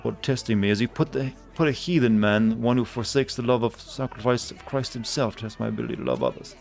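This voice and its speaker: A man's voice: mid-range voice, animated, fairly quick, vocal fry, a little mellow, soft background music. A man streaming a video game, joking and rambling in casual commentary.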